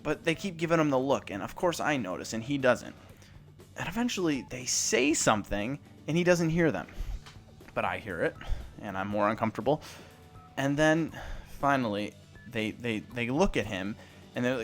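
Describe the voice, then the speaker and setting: Young adult male host, self-conscious, rambling delivery, lively pitch, faint music underneath. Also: moderate pace. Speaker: sports report host. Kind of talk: casual storytelling then reading sports news.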